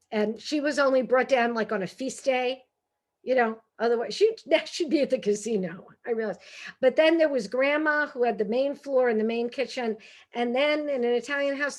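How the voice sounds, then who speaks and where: A middle-aged woman with a Brooklyn accent, an author and humorist telling comic stories over a video call in a lively, chatty way full of asides. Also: on the high side. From Brooklyn, New York. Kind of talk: comic storytelling talk.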